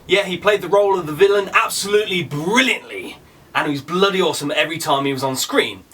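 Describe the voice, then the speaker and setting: A man's voice: high-pitched, lively intonation, quick pace, fairly bright tone, slightly rough, far from the mic. A man co-hosting a casual film review, enthusiastic and jokey.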